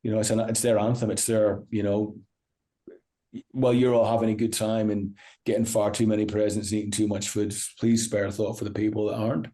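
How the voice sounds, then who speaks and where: Animated male rock singer telling stories. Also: fairly low pitch, fairly quick. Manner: animated anecdote-teller, acts out quoted voices, many restarts and "you know". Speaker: rock musician guest. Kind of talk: casual interview storytelling.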